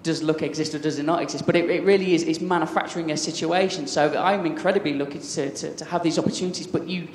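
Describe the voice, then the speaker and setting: A man in his thirties from England speaks at a conference, chatty and enthusiastic as he trips over his own restarts. His voice sits a little high for a man. It carries through a large, echoey hall with a long reverb tail and faint background noise. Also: fairly even intonation, quick pace, few pauses. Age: 30s. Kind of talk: conference talk.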